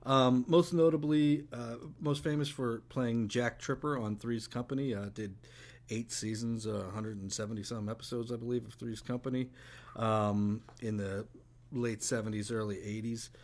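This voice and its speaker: Guy co-host reading off trivia, lots of ums and uhs, mid pitch. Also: fairly even intonation, normal speed. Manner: hesitant, many ums and uhs while presenting facts. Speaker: podcast co-host. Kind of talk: casual chat.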